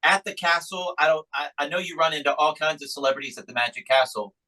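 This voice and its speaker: A man's voice: on the high side, fairly even intonation, fast talker, pushed and bright, low-quality recording. A man hosting a podcast interview, reacting with eager enthusiasm. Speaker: podcast host. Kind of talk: interview chat.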